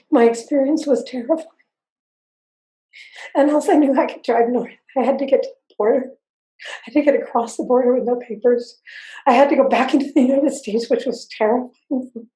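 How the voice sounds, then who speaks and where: A woman's voice: a little high, mellow. Earnest older woman in a roomy space. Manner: earnest, intense, halting with repeats. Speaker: interview guest. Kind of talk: personal testimony. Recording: roomy echo.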